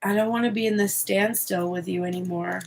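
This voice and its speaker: A woman giving a channeled tarot reading in a candid, expressive way, swearing freely as she speaks. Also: mid-range voice, brisk, vocal fry, slight background noise. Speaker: tarot reader.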